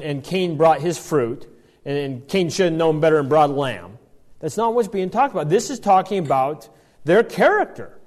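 A man teaching scripture, reading verses aloud and then unpacking them. His voice sits a bit high and moves a lot, rising and falling as he explains. He often restarts his sentences as he works through the text. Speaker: Bible teacher. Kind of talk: Bible teaching.

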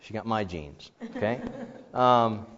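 A middle-aged man teaching a Bible class in a casual, animated way, acting out the quoted dialogue. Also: lowish voice, takes it slowly, a little hiss or hum. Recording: dull lo-fi sound with long reverb.

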